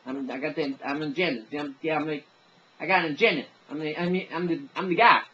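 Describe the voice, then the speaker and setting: A man's voice: a little high, fast, bright, forceful tone, dull audio, a little hiss or hum, voice pushed up. A man doing a parody of a dopey young bro reality-show contestant, stammering and repeating himself. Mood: cocky. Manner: stammering, slurred bro talk.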